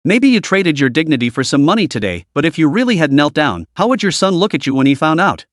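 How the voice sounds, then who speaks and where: A man voicing a calm, smug young hero. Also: a little high, fast, dry recording, clean studio sound.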